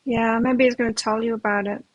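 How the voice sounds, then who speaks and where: A middle-aged woman chats her way through a live tarot reading. Her voice is a little husky, recorded dry and close. She rambles and circles back, restarting her sentences as she goes. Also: fairly high pitch, fairly even intonation, a little fast, no room sound, lo-fi sound. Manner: chatty, rambling, with frequent restarts. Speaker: tarot reader.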